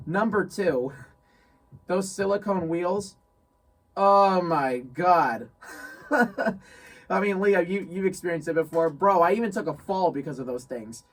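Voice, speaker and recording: A young man from New York telling a story in casual chat, animated, laughing often and repeating phrases. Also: sits high, normal speed, recorded from a distance, low-quality recording. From New York State. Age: young adult. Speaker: guest friend.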